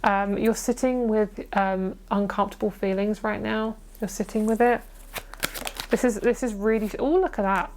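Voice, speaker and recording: A woman's voice: mid-range voice, steady tone, moderate pace, darkish tone, slight background noise. A woman giving a casual, chatty pick-a-card tarot reading, gushing and swearing casually as she goes. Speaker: tarot reader.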